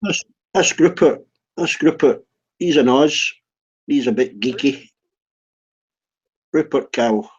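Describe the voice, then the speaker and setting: A man's voice: fairly high pitch, lively intonation, slow, pauses often, breathy edge, dull audio. A man in a casual voice chat who makes dry, teasing remarks.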